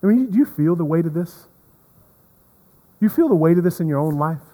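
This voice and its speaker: Guy preaching a sermon in a church, kinda high voice, earnest and repetitive, big echoey hall sound. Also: lively intonation, a little fast. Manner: earnest, repeats words, swings from emphatic to hushed. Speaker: pastor. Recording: long reverb of a hall.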